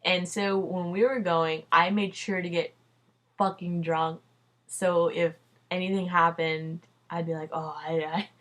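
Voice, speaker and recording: Young woman, lowish voice, casual vlog storytelling, lots of "like" and "dude", swears freely. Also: level tone, measured pace, a bit bright. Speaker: vlogger.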